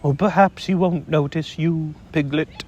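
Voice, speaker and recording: A man doing a muddled, gentle teddy bear. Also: a little high, steady tone, highs cut off, a little hiss or hum, close to an everyday voice. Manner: earnest, puzzled and slow.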